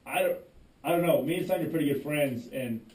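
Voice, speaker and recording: A man's voice: fairly high pitch, quick pace, distant mic. Man telling a story, roomy sound. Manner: animated storytelling, frequent restarts and quoting himself. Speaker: podcast co-host. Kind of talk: casual podcast chat. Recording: roomy echo, voice away from the mic.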